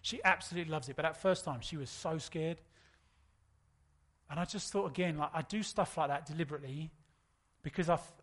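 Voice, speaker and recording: Conversational preacher, fairly high voice. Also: male voice, brisk, fairly bright tone. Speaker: pastor. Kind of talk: sermon.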